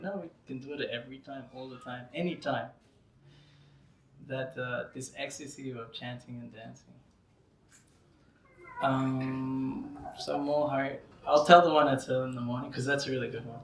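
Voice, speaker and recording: Guy lecturing, telling funny stories, laughs a lot, says you know, bright voice, echoey hall, mic far off. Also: mid-range voice, normal speed, pauses often, slight background noise. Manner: lively storyteller, laughs often, frequent "you know". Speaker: lecturer at a devotional gathering. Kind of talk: anecdotal religious lecture. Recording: roomy hall from a distant mic.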